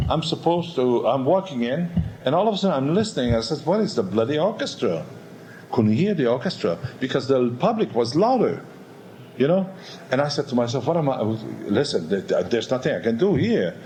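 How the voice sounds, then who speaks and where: A man, an opera baritone, telling a candid backstage story in a rambling, animated way, acting out voices and sounds. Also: slight background noise, poor audio. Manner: animated, acts out quotes and sounds; rambling with many restarts and "all of a sudden". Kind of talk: candid spoken anecdote.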